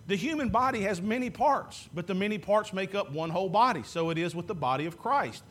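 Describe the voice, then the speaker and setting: A man's voice: high voice, a bit bright, husky. A man preaching a sermon as pastor, posing questions to the congregation and answering them himself.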